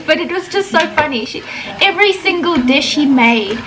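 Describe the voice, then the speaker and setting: A woman's voice: high voice, lively intonation, normal speed. A young South African woman vlogging casually while cooking at home, chatty, giggly and teasing. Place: home kitchen. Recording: TV chatter in background. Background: TV show playing.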